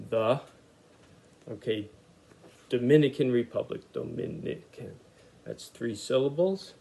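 Gravelly-voiced man teaching a kids' art class. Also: mid-range voice, a little slow, a little hiss or hum. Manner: talks through his drawing, sounding out letters; relaxed, thinks aloud with frequent "uh" and "okay".

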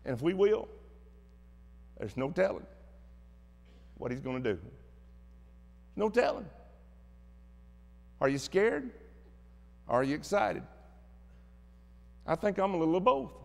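A man's voice: a little high, big pitch swings, takes it slowly, creaky, long pauses, long reverb tail. A man with a Southern American accent preaching a sermon as pastor, telling stories in a folksy, plainspoken way. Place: church sanctuary.

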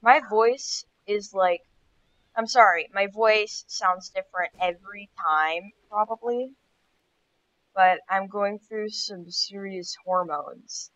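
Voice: medium pitch, slow pace, fairly bright tone. A gaming host with a stuffy nose, chatting casually through gameplay and getting startled now and then. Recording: dull lo-fi sound.

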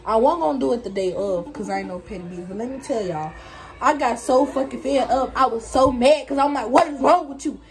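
A woman's voice: fairly high pitch, fairly quick. A young woman, a guest telling her side of the story bluntly, swearing and addressing viewers directly. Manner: blunt, swears freely, talks straight to viewers. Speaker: guest friend. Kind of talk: casual storytelling chat.

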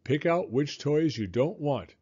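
A man's voice: on the high side, expressive, unhurried, a little mellow, breathy edge, dull audio. A man voicing an exasperated mother who talks firmly and scolds. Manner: firm, scolding.

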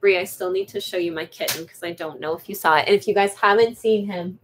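A woman's voice: mid-range voice, fairly even intonation, fairly quick, few pauses, a little hiss or hum. A woman hosting a casual live vlog, chatting to viewers with lots of fillers and restarts while she grooms her dogs. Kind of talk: casual live-stream chat.

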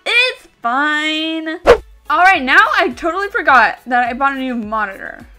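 Very high-pitched excitable gamer girl. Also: unhurried, soft background music. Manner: excitable, chatty, bursts into squeals and screams. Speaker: gaming YouTuber. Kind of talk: casual game commentary.

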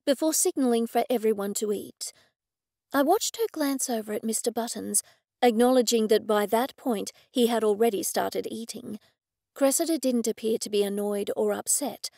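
A woman narrating a cozy mystery audiobook in the first person, with steady, even storytelling. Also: fairly high pitch, vocal fry, no room sound, studio quality.

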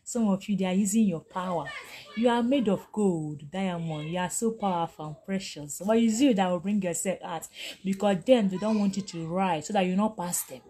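A woman's voice: medium pitch, normal speed, warm tone, slight background noise. A middle-aged woman teaching on a live stream. She talks emphatically, repeats herself and laughs often. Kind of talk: live-stream motivational talk.

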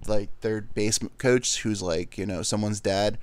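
A man's voice: fairly low pitch, steady tone, a little slow, clear, resonant tone, no room sound. A man hosting a podcast, talking in a rambling, self-deprecating comic monologue. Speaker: podcast host. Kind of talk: casual comedic monologue.

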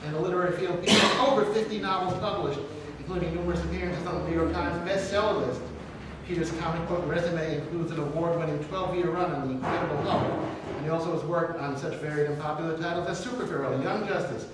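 A man hosting an education event, making announcements and introducing the speaker in a casual, hesitant way. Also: fairly high pitch. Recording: echoey room, distant mic, noise.

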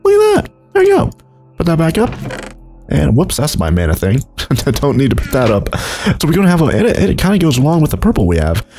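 This gaming YouTuber, a young man, talks at a quick pace with big pitch swings and a slightly mellow voice as he narrates Minecraft. He rambles and chuckles, alternating low mumbles with high exclaims, while soft music plays behind him.

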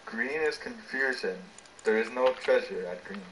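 Young male gamer, excitable, loud cheers, mid voice, faint noise. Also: mid-range voice, normal speed, low-quality recording. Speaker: gaming teammate. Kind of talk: casual gaming chat.

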